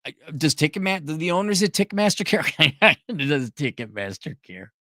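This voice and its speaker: A man's voice: fairly high pitch, sing-song, normal speed, bright, forceful tone, no echo, clean studio sound. A man ranting sarcastically and with exasperation as he reads out and mocks a viewer's letter in a commentary video. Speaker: commentary vlogger.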